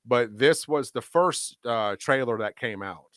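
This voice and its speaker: A man's voice: mid-range voice, unhurried. A man from the co-hosting a casual chat, teasing and contrary. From Southern US. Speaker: co-host.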